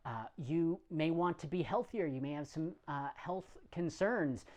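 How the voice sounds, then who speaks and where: A man preaching a conversational sermon in a relaxed, plain-spoken way, with some self-deprecating humor. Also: a little high, a little slow.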